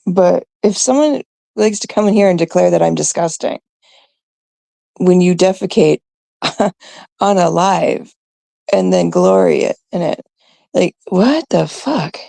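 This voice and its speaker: Gravelly, slow-talking woman scolding on stream. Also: on the low side, sing-song, dark tone, no room sound. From Canada. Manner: blunt, exasperated, scolding with frequent fillers. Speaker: live stream host. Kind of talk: ranting live stream commentary.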